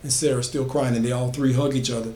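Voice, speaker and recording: A man's voice: mid-range voice, steady tone, fast talker, a little mellow, slight background noise. A man casually telling an original horror story, building emphasis by repeating phrases. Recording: echoey room.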